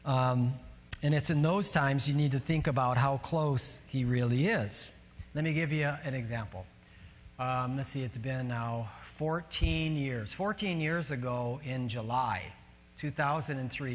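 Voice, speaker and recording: A man's voice: a little high, a bit bright. A man with a northern US accent, a pastor preaching a sermon and telling a personal story with light self-mocking humor. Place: church sanctuary. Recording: long reverb of a large church hall.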